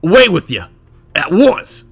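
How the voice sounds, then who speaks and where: A man's voice: fairly high pitch, animated, a little slow, creaky, pushed and bright, voice pushed up, full character voice. A man voicing a stern, suspicious male magister who barks at people.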